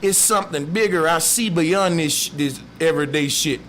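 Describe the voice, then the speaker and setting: An earnest, restless male rat pleads in casual street talk, as a man puts him on. His voice sits slightly high. A faint hiss runs underneath. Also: moderate pace, a bit bright, lightly acted. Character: restless male rat urging escape from the maze.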